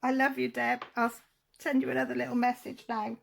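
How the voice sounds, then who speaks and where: A woman's voice: fairly high pitch, level tone, fairly quick, creaky. A woman vlogger, chatting casually while unboxing, gushing and near tears.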